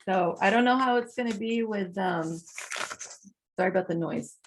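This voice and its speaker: A woman vlogging in a casual monologue, reading from her notes and spelling out numbers slowly and deliberately. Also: medium pitch, a little hiss or hum.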